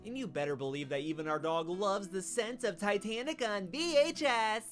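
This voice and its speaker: A woman hosting a vlog, narrating in a giddy, jokey, excitable voice-over. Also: mid-range voice, normal speed, soft background music. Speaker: vlog host.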